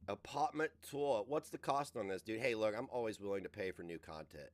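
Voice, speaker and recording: A man's voice: lowish voice, brisk, slight background noise. A man hosting a reaction show, ranting and joking with lots of cursing and frequent laughter. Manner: profane, laughs often, animated. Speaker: host.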